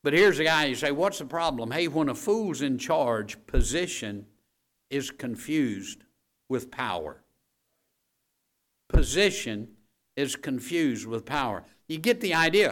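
A male preacher delivering a sermon in an easy, conversational tone. He leans on repetition and plain talk. At key points he climbs into a loud, raised voice to drive the lesson home. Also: animated, a little slow. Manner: conversational preaching that builds to loud, high-pitched emphasis.

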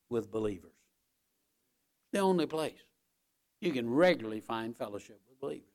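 A man's voice: medium pitch, animated, a little slow, pauses often. An older male pastor preaching a sermon, emphatic and repetitive, checking in with the congregation with "all right?".

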